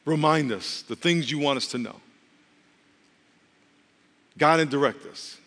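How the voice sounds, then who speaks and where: A man preaching a sermon as pastor, conversational and humorous, with quick asides to the congregation. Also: on the high side, fairly bright tone, big-room sound.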